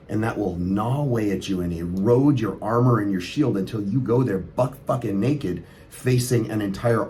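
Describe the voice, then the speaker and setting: A man's voice: lowish voice, slight background noise. Blunt, profane motivational man. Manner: blunt, profane, forceful preaching. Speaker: motivational coach and consultant. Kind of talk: unscripted motivational vlog monologue.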